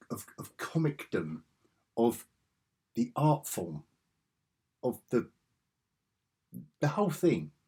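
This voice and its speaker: Man, 50s, husky voice, slow unhurried pace, rambling enthusiastic vlog monologue. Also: on the low side, a little mellow. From England. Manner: enthusiastic and rambling, with frequent restarts. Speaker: comics vlogger. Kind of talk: casual nostalgic monologue.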